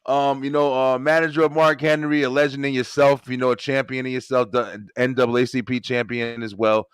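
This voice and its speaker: A man's voice: medium pitch, flat delivery, brisk, clear, resonant tone, no echo. A man hosting a podcast, chatting loosely, joking and swearing casually. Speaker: podcast host. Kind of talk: casual chat.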